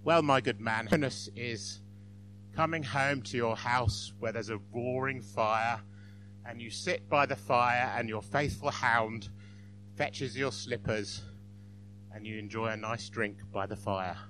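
A man voicing a genteel old-fashioned Englishman, slow and leisurely. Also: medium pitch, fairly even intonation, bright, forceful tone, slight background noise, pitched below the performer's own voice, low-quality recording. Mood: cosy.

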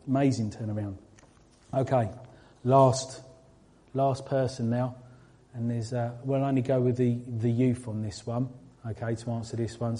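Dark-voiced man preaching casually. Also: medium pitch. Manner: conversational, with fillers and restarts, addressing the room. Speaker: church speaker. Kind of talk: informal sermon to a congregation.

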